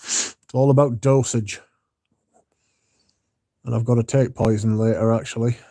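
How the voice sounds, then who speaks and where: A man's voice: mid-range voice, fairly even intonation, a little slow, dark tone, no room sound, clean studio sound. A man hosting a casual livestream, sleepy and yawning, rambling and swearing as he chats to his viewers. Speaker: livestream host.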